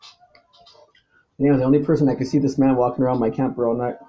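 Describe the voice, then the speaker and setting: A man talking alone to the camera, swinging between low mutters and loud, angry, profane outbursts and repeating himself. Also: flat delivery, fast, muffled recording. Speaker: vlogger. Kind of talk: rambling solo monologue to camera.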